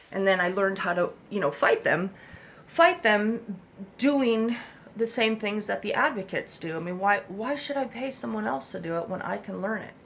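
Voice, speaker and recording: A woman's voice: lowish voice, creaky, a bit bright, a little hiss or hum. A woman speaking as the mother of an autistic child, giving blunt, emphatic advice to other parents in a rambling monologue with casual swearing, recorded in a room at home.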